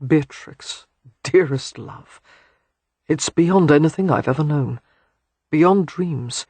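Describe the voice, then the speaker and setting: An audiobook reader voicing a tender, ardent young man who speaks in soft murmurs and whispers. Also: mid-range voice, takes it slowly, husky, no echo. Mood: tender, intimate. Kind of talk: audiobook character reading.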